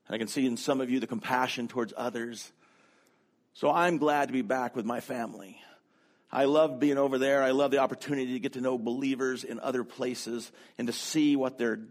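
A man preaching a sermon from the front of a church, speaking into a handheld microphone. His tone is relaxed and conversational, and he pokes fun at himself as he goes. His voice sits at an ordinary middle pitch for a man. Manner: conversational and chatty with self-deprecating humor. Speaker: pastor. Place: church sanctuary.

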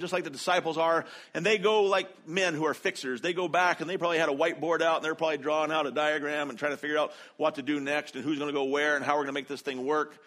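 A man's voice: on the high side, a bit bright. A man preaching a sermon as pastor, earnest and conversational, acting out quoted lines with feeling.

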